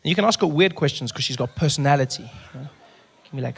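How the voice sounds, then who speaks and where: Animated South African comedian, high voice. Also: male voice, quick pace, gravelly, slight background noise. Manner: animated storytelling, acting out characters. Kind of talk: stand-up comedy. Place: comedy club stage with a live audience.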